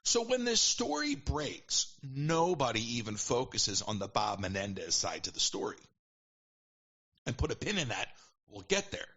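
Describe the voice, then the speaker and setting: Animated man telling a story, bright voice. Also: medium pitch, measured pace, slightly rough, highs cut off. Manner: animated, quotes people in voices, self-correcting. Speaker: podcast guest storyteller. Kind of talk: casual storytelling. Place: at home.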